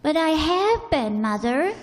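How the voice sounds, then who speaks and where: A woman's voice: sits high, big pitch swings, slow, in a large hall, full character voice. A woman playing a sly young girl who is sweet to her father and defiant to her stepmother, in an amateur radio drama.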